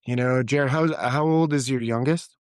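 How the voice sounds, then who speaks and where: Man, middle-aged, reflective storyteller, mid pitch, dry recording. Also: normal speed, no room sound. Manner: reflective, acts out quoted dialogue with laughs. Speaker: podcast guest, therapist. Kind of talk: candid conversational storytelling.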